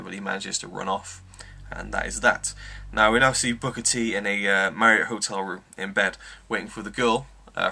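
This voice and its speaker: A man's voice: fairly low pitch, vocal fry, bright, forceful tone, breathy edge. A man giving an enthusiastic, rambling wrestling review, full of ums. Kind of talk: casual review monologue.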